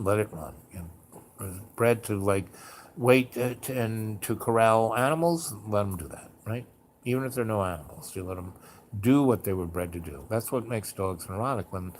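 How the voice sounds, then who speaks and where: A man's voice: lowish voice, slight background noise. A man hosting, telling stories in a rambling casual way, full of "you know" and "like", who slips into a theatrical voice for quotes. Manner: acts out quotes in a raised theatrical voice. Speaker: host. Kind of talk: casual storytelling monologue.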